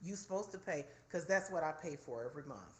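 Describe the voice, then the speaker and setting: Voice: medium pitch, lively intonation, a little fast. A vlogger in their forties, venting casually to viewers while filming themselves indoors. The delivery is chatty and indignant. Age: 40s. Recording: echoey room.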